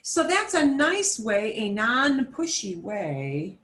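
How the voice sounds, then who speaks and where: A woman's voice: fairly high pitch, sing-song, slow, fairly bright tone. A woman teaching a beginner Spanish lesson, explaining patiently step by step and mixing Spanish phrases into her English.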